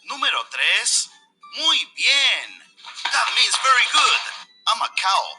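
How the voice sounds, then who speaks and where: A man doing Professor Marshmallow, zany and bright. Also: extremely high pitch, big pitch swings, slow pace, breathy edge, soft background music, full character voice. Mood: teaching. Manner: exaggerated, sing-song, repetitive drills. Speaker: video teacher character. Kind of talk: kids' educational video.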